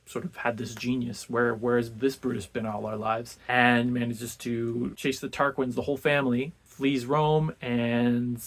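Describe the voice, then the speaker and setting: Casual gravelly-voiced man retelling history. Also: medium pitch, a little slow, hardly any pauses. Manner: animated storyteller, acts out quotes in a casual modern voice. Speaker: book club host.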